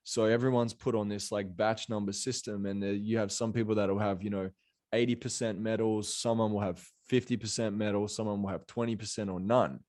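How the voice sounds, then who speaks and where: A man speaking at a fairly low pitch, loose and rambling in a relaxed podcast chat. He strings thoughts together with constant fillers, sounding conversational and unpolished. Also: a little fast. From Australia. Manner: rambling, heavy on fillers like "you know" and "bro".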